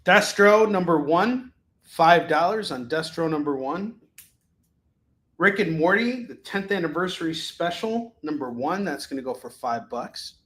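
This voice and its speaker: A man hosting a live comic sales show, calling prices and boasting jokingly about his pitches. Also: animated, fairly bright tone, reverberant. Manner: boastful, joking, rapid item calls.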